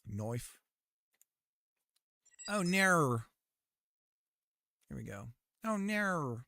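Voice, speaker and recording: Jokey man streaming, high-ish dry voice. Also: lively intonation, measured pace, a bit bright, no echo. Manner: jokey, laughs often, reads errors aloud. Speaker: streamer developing a game. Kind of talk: casual live-stream chat while coding.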